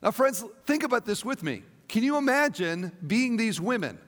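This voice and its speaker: Pastor guy with a high voice preaching, really animated, long echo like a big church hall. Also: moderate pace. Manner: animated, dramatic storytelling with rhetorical questions. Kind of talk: sermon.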